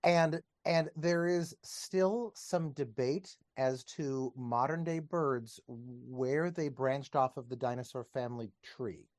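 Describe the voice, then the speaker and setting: A man's voice: medium pitch, slow pace, hardly any pauses, a little mellow, no echo. A man, a podcast guest and teacher, explaining ideas in casual conversation with enthusiasm, wandering off on tangents and laughing as he talks, recorded over a video call.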